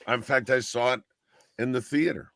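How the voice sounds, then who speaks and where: A man's voice: medium pitch, steady tone, a little fast, vocal fry, a bit bright, dry recording, studio quality. A man on a radio-style chat show, telling rambling anecdotes and often looping back with "so anyway". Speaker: guest radio personality.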